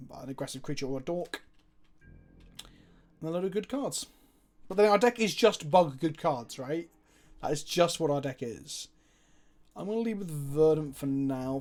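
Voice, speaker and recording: A man's voice: a little high, a little mellow. A man streaming a card game live, chatting casually, swearing freely and answering viewers' chat as he plays.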